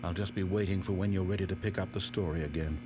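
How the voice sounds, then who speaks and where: A man's voice: sits low, fairly even intonation, quick pace, over music, natural voice. A man voicing a pompous, sarcastic game narrator who reads out the story in a dry, mocking tone.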